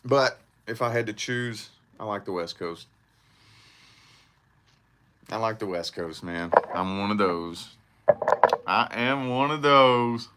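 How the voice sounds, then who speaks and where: A man's voice: fairly low pitch, takes it slowly, pauses often, bright, forceful tone, slight background noise. A man from southern Indiana with a slight country twang, giving a rambling, profane casual monologue on his vlog. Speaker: vlogger.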